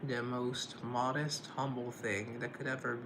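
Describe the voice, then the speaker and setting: A man's voice: medium pitch, little pitch movement, measured pace, background noise. A man chatting casually on a live stream, self-deprecating and playfully sarcastic.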